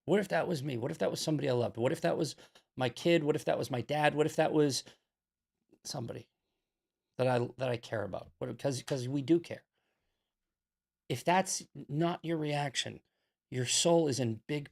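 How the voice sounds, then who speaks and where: A man's voice: a little high, normal speed, vocal fry, long pauses, a little mellow. An American man hosting a political commentary show, talking in a heated, preachy way, swearing and repeating himself for emphasis.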